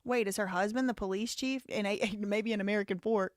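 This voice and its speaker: A woman's voice: mid-range voice, steady tone, brisk, no room sound. Outspoken woman host, live commentary, hot-tempered and profane, dry close sound. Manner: heated, blunt and profane. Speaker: show host.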